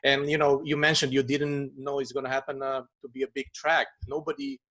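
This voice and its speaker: A man's voice: medium pitch, flat delivery, brisk, fairly bright tone. A man hosting a casual chat with a producer, musing at length about the music business. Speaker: podcast host.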